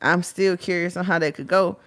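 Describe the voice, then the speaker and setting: A woman's voice: on the low side, steady tone, moderate pace, a bit bright. A woman with a Texas accent giving a casual tarot reading, rambling through blunt, profane asides. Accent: Texan. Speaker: tarot reader.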